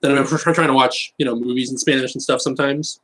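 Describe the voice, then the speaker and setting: Californian man, live streamer, husky voice, jokey and animated, talks in fast bursts. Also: mid-range voice, poor audio. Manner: animated, joking, bursts of rapid talk. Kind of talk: casual live-stream chat.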